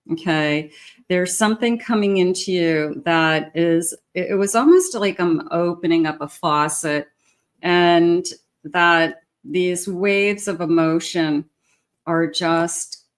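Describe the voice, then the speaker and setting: A woman giving a love tarot reading, speaking straight to the viewer in an encouraging way with frequent pauses and fillers. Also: on the low side. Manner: warm, encouraging, talks directly to the viewer with many fillers. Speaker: tarot reader.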